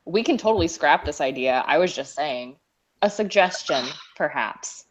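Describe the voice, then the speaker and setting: A playful woman pitching plans at a tabletop game, her voice swinging lively up and down. She talks with a laughing, joking manner. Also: normal speed, a little hiss or hum, rough recording. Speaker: player.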